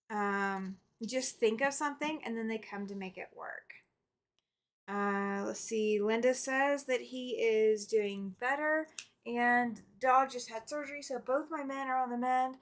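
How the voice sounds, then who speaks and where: A middle-aged woman hosting a casual quilting livestream, chatting, reading viewer comments aloud and laughing often. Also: fairly high pitch. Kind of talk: casual live chat while sewing.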